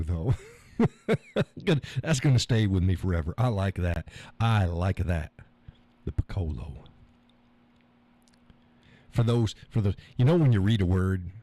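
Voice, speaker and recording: A man's voice: lowish voice, warm tone. A man hosting a live stream, rambling and chuckling as he reads viewer comments. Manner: chuckling, rambling, joking with profanity. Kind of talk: casual chat reading viewer comments.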